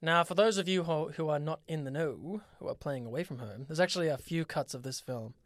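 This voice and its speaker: Jokey guy cohosting a podcast, kinda high voice, dry close sound. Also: no echo. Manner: playful, jokey, quick interjections. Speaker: podcast co-host. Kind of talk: casual podcast chat.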